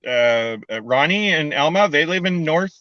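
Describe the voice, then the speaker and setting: An older man from Canada chats casually and keeps breaking into giggles. His voice is bright and forceful. The sound is dry and a little dull. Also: on the high side, lively intonation, normal speed, no echo. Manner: giggly, laughs often. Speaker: co-host. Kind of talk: casual chat.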